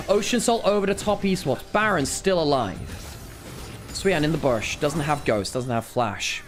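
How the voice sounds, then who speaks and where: Excitable esports caster, tired but fiery. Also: male voice, a little high, brisk, over music. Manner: excitable, swings from calm analysis to loud exasperated outbursts; self-correcting, apologetic asides to viewers. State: tired from a long week. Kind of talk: live play-by-play commentary.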